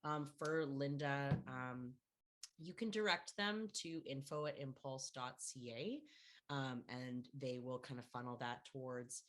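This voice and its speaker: A woman's voice: rumbling low, measured pace, a bit bright. A woman hosting a casual online panel chat from her home, playful and bubbly, laughing as she talks over a video call. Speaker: host.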